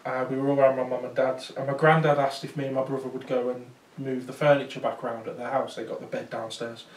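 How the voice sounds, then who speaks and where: Giving a talk to a small audience, a man who investigates the paranormal tells a chatty story with many fillers and restarts. He talks fast in a medium-pitched, level tone, and the recording sounds roomy and distant.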